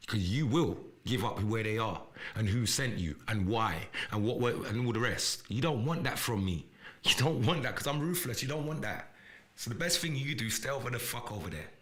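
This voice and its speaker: Defiant, profane man with a sharp voice. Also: medium pitch, animated, normal speed. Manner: profane, defiant, repetitive and threatening. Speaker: live podcast host. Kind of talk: confrontational livestream rant.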